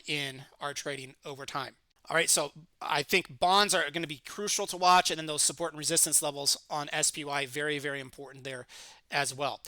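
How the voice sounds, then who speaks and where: A middle-aged man walks through a trading lesson in a confident, steady voice, posing and answering his own questions. His voice sits high and bright. The mic is close and dry, with no room sound. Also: no echo. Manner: confident, steady explanatory delivery with rhetorical questions. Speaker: trading educator. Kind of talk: screen-share market lesson.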